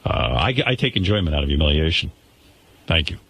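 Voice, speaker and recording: New guy hosting radio, husky bright voice, pitch jumps all over, cracks himself up. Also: very animated, a little fast. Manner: self-mocking, playful, breaks into laughter. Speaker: radio show host. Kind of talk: radio talk show banter.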